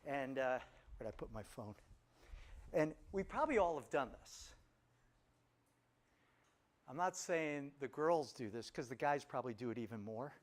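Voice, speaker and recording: A man preaching a lively sermon, animated and emphatic, repeating his key phrases for effect. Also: medium pitch, moderate pace, pauses often. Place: church service on Kauai.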